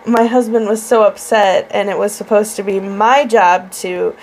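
A woman's voice: medium pitch, steady tone, normal speed, slight background noise, rough recording. A woman co-hosting a podcast in casual chat, telling stories with frequent laughter and swearing. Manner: laughing, profane storytelling. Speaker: podcast co-host.

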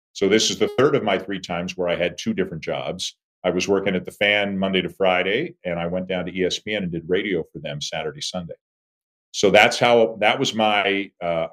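A man in his fifties, a sportscaster, telling stories about his career as an animated interview guest. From Toronto, Canada. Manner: animated storyteller, lively swings in pitch and volume. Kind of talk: conversational interview storytelling.

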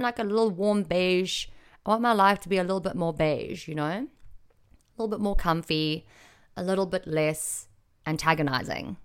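A woman hosting a casual solo podcast from a small home office, chatty and excitable, rambling a little. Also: lowish voice, clean tone. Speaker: podcast host.

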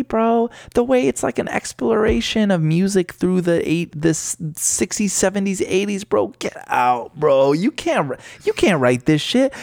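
A man's voice: a little high, gravelly, no room sound, clean studio sound. A young man co-hosting a podcast, gushing in casual chat about an album and saying "dude" and "bro" a lot. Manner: excitable, slangy, says "dude" and "bro" a lot. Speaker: podcast co-host.

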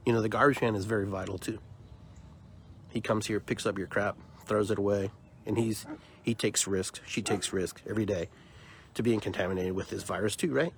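Emphatic low-voiced man with a podcast monologue. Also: steady tone, a little fast, vocal fry, slight background noise. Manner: emphatic, repeats words when building a point. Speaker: podcast host.

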